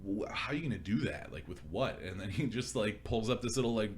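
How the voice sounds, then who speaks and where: A man's voice: lowish voice, animated, a little fast, slight background noise. A young man co-hosting a casual chat, telling crude stories with lots of laughter and animation. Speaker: podcast co-host.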